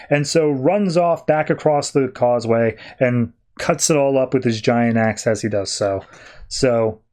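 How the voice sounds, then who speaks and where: A man, hosting a podcast, casually recapping a comic with quick, animated character voices. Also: medium pitch. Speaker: podcast host.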